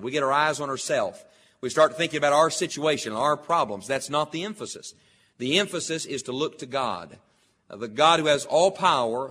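A man preaching a sermon, reading scripture slowly and deliberately, then teaching in an earnest, emphatic way. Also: fairly high pitch, a bit bright.

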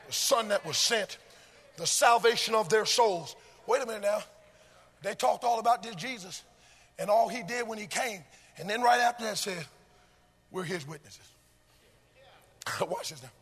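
A man a sermon in a rhythmic, sung cadence that swells into shouted chanting. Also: sits high, moderate pace, pauses often, slightly rough, big-room sound. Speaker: preacher.

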